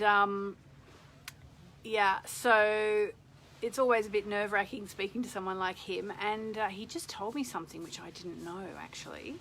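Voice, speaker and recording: A woman's voice: medium pitch, gravelly, a bit bright, slight background noise, rough recording. A middle-aged woman hosting a casual live stream, chatting in a rambling way and reading out viewer comments.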